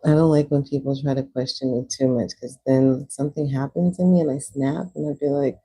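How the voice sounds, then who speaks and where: A woman's voice: a bass voice, steady tone, a little fast, hardly any pauses, mellow, slightly rough, low-quality recording. A young woman livestreaming, chatting casually while she paints, rambling with lots of "like" fillers.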